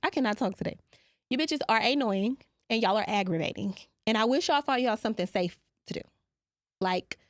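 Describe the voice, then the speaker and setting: Speaking at medium pitch, this podcast host delivers a playful, profane, brash monologue directly to her audience. The recording is dry and of studio quality, captured on a studio mic in a small podcast studio.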